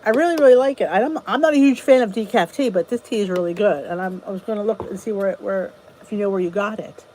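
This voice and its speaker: A woman's voice: medium pitch, fast, few pauses, warm tone, a little hiss or hum, rough recording. A woman hosting a casual livestream chat, greeting viewers by name and answering their comments in a rambling, chatty way. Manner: rambling with frequent restarts. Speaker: channel host.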